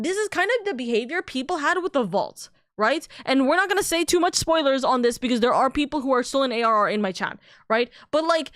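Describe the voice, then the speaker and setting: High-voiced woman ranting heatedly. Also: fairly bright tone, no room sound, clean studio sound. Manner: heated, swears freely, many restarts. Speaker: streamer. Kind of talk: casual live-stream rant.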